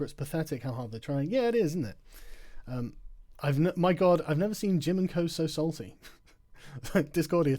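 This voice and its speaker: A man with a slightly high voice talks casually on a livestream late at night, tired but still mocking. He laughs often and swears freely as he reads comments. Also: dark tone. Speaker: livestream host. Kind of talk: casual livestream chat reading super chats.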